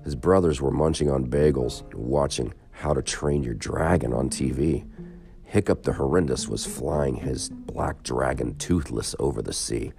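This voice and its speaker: A man reading a children's story aloud as narrator in a slow, expressive way. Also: rumbling low, vocal fry. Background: soft guitar music.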